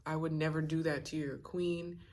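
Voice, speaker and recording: A scheming court official, caught off guard, stammering to excuse himself, as a woman telling the story puts him on. The voice is low and quiet. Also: level tone, moderate pace, lightly acted. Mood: panicked. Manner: flustered, stammering. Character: scheming male official, panicked and blindsided.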